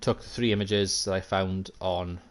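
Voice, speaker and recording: A man's voice: low voice, fairly even intonation, normal speed. A Welsh man thinking aloud and chatting with viewers while live-streaming a football management game, self-mocking and casual. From Wales. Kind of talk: live gameplay commentary.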